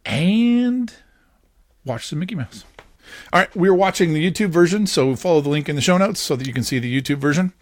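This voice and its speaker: A man's voice: a little high, dry recording, studio quality. A man hosting a podcast, animatedly retelling a cartoon episode to his child and laughing often. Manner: animated, laughs often, quick voice swings for quoted characters. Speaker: podcast host.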